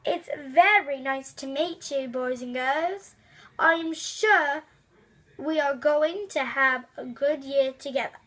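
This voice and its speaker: A woman voicing a new schoolteacher who speaks slowly in a strange put-on accent. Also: high voice, a bit bright. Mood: polite. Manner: slow, put-on foreign-sounding accent.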